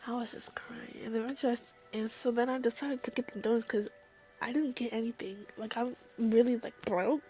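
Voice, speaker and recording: A young woman telling a long, emotional story in a casual vlog, rambling and often sinking into soft whispers. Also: fairly high pitch, fairly even intonation, moderate pace, soft background music. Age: young adult. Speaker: vlogger.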